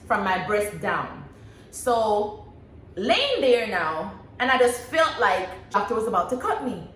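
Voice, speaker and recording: A young woman vlogger casually telling a personal story, animated and laughing often as she acts out what she said. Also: mid-range voice. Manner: animated, laughs often, reenacts her own past words. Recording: echoey room with faint background hum.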